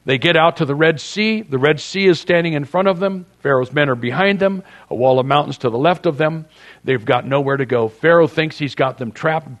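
A man preaching a sermon as a pastor, in a conversational, joking storytelling manner. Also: a little high.

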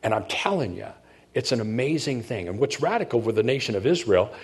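A man's voice: medium pitch, sing-song, brisk, husky. A middle-aged man preaching a sermon as pastor, talking conversationally and checking in with his congregation.

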